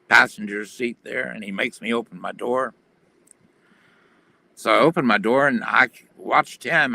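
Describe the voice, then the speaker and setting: Man, gravelly, bright edge, earnest testimony, plain-spoken, video call. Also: mid-range voice. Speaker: guest telling his testimony.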